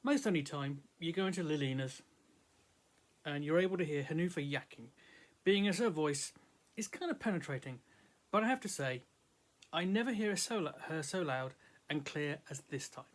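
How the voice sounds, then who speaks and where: A man reading a story aloud in a relaxed, folksy narrating voice, with the occasional small slip. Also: on the high side, normal speed, long pauses. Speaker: audiobook reader. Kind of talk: casual storytelling read-aloud.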